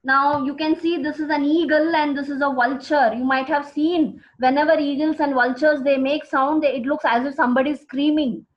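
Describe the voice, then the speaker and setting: Brief: woman teaching a class, high voice, patient repetition, dull lo-fi sound. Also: fairly even intonation. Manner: slow, repeating key words for students. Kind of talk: classroom vocabulary lesson. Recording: dull lo-fi recording.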